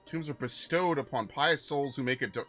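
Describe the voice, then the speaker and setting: A solemn, formal tomb keeper, read aloud by a male game streamer, telling his tale in measured words. Faint music plays behind. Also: medium pitch, fairly bright tone, lightly acted.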